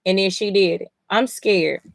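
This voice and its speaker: A woman's voice: mid-range voice, normal speed, creaky, no echo. Fiery, cursing woman reading comics live. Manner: animated, profane, exclaiming. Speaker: comic-reading livestream host.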